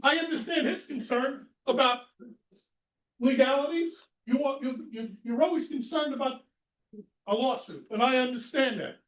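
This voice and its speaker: A man's voice: extremely high pitch, normal speed, fairly bright tone, poor audio. A man speaking at a town council meeting's public comment, blunt and folksy, repeating his points for emphasis.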